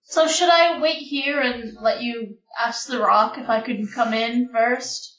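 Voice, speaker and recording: A woman playing a tabletop game, hesitant and questioning, with a fairly high voice. She sounds like she is in an echoey room, and the recording is dull and lo-fi. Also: takes it slowly, fairly bright tone. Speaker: player. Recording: roomy, lo-fi mic.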